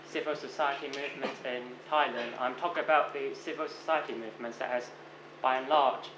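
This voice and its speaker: A man from the audience posing a pointed, deliberate question at a Q&A. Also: medium pitch. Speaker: audience member. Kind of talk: public Q&A question. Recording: echoey lecture hall with noise.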